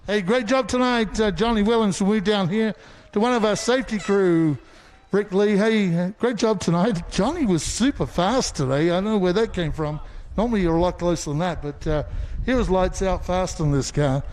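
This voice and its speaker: A man's voice: sits high, moderate pace, a little mellow, in a large hall. A man working as a trackside reporter, interviewing drivers after a race in an enthusiastic, exclaiming way.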